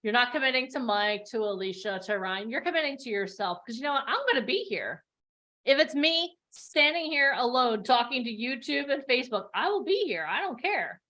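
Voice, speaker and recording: A woman's voice: fairly high pitch, very animated, moderate pace, pushed and bright. A woman hosting an online bootcamp for actors and models, coaching over a video call in a passionate, emphatic way. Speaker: acting and modeling bootcamp host. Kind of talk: live online motivational coaching.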